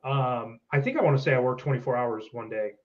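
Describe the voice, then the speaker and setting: A man's voice: mid-range voice, quick pace, muffled recording. A man trading laid-back, profane jokes and stories in casual chat. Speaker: podcast guest.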